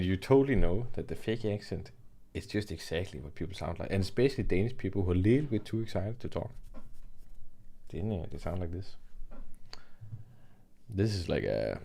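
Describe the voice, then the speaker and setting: A young man hosting an art livestream, rambling and joking in a relaxed chat while he laughs and swears. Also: sits low, brisk, gravelly. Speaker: livestream host and digital artist.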